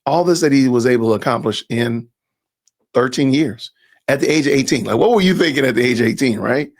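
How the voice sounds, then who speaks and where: A man's voice: medium pitch, fairly quick. A man hosting a podcast, giving casual commentary and asking viewers questions directly. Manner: talks straight to viewers and asks them questions. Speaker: podcast host.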